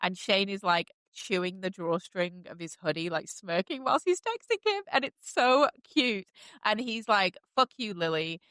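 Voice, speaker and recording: A woman's voice: mid-range voice, animated, a little slow, a bit bright, dry recording. A woman hosting a podcast, recapping a TV show in casual, enthusiastic chat with lots of fillers. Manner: chatty and enthusiastic, many fillers. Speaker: podcast host.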